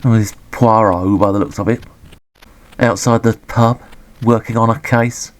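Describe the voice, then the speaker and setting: A man giving sweary, deadpan, sarcastic commentary on a retro game. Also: fairly low pitch, unhurried.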